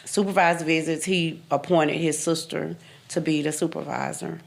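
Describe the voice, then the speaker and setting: A woman's voice: sits low, fairly even intonation, normal speed, gravelly. A woman in her fifties, a podcast guest, bluntly telling her own story with emphatic repeats and occasional laughs. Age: 50s. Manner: blunt, emphatic, repeats phrases, laughs through hard memories. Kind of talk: candid personal storytelling.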